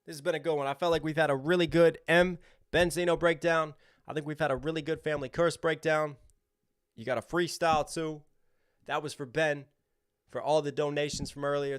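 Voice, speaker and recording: Upbeat man reading out viewer shoutouts. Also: on the high side. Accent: American. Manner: reads out viewer names and donations, upbeat. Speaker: rapper hosting a livestream. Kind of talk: casual livestream chat.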